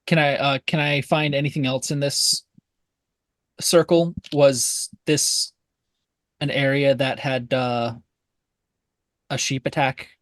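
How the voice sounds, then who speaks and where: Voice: medium pitch, little pitch movement, slow pace, pauses often, a bit bright, dry recording. A player in a tabletop game, asking questions hesitantly with many fillers.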